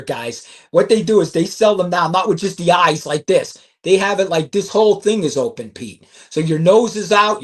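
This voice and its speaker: A man co-hosting a casual true-crime discussion, talking emphatically over a remote call. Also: high voice. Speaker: co-host.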